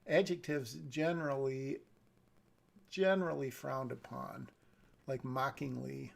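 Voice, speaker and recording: A man's voice: mid-range voice, steady tone, unhurried, creaky. A man reading a screenplay on a live stream and thinking aloud about it, often hedging and correcting himself. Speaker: script reader giving feedback.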